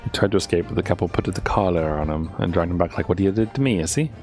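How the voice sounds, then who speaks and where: A man voicing an excitable, shady male witness in a game, with a put-on foreign accent and a sing-song, pleading way of talking. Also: low-pitched, fast, soft background music, close to an everyday voice. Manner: theatrical, sing-song, pleading with 'eh?' tags.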